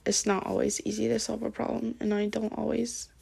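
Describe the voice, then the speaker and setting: A tearful woman venting in a personal diary vlog, halting and dropping into near-whispers. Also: fairly high pitch, little pitch movement, vocal fry, darkish tone, breathy edge. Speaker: diary vlogger.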